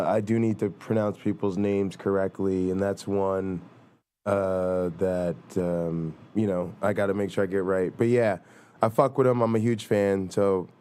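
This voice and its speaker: A man with a New Jersey accent chats loosely on a live stream, full of fillers and casual swearing. His voice sits low, with a warm, mellow tone. It comes through smooth and resonant. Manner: rambling, profane, thinks aloud with fillers. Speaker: livestream host.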